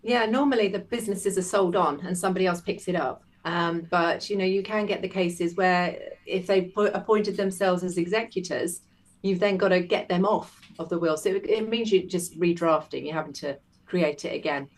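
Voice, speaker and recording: A woman from Wales, a will writer, explaining things in a measured way as a guest on a chat. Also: on the low side. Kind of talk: casual chat.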